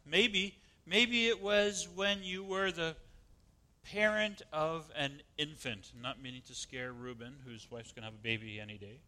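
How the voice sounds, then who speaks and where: A man preaching a sermon to his congregation, swinging between loud dramatic outbursts and hushed asides. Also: a little high. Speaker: pastor.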